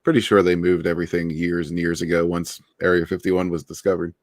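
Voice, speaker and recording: Deep-voiced laid-back man, dry mic. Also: little pitch movement, a little fast, no echo. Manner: laid-back, laughs often, rambling. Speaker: interviewed author. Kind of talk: casual interview on a livestream.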